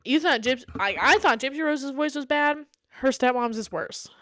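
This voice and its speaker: A woman's voice: high-pitched, normal speed, pushed and bright, no room sound. A young woman hosting her own podcast, chatting casually and candidly about reality TV, rambling with lots of "like" and "um". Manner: rambling, frequent "like" and "um", candid opinions. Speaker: podcast host.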